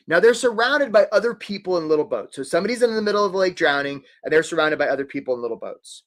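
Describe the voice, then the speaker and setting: A man coaching job seekers in a live online workshop, talking quickly and energetically and speaking straight to his attendees. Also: on the high side. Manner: energetic, talks fast, addresses attendees directly. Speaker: career coach hosting a webinar.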